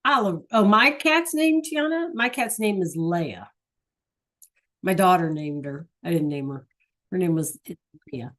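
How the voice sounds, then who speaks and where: A woman's voice: on the low side, expressive, measured pace, fairly bright tone. A middle-aged woman teaching a Spanish class over a video call, chatty and encouraging, often checking in with "right?".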